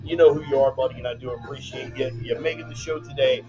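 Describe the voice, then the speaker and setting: A man hosts his weekly online show from a laptop, reading viewer comments and joking loosely while calling listeners "man" and "brother." His mid-range, darkish voice moves fast with fairly even intonation. The laptop mic gives a dull lo-fi sound, with bumper music playing underneath.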